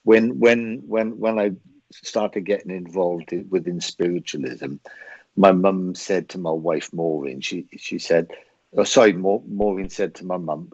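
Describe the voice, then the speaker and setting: A man, a medium on a chat show, telling a story in earnest and stumbling over repeated words as he finds his thread. His voice is fairly low and husky. The recording sounds dull and a bit muffled. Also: measured pace, darkish tone. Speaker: psychic medium guest.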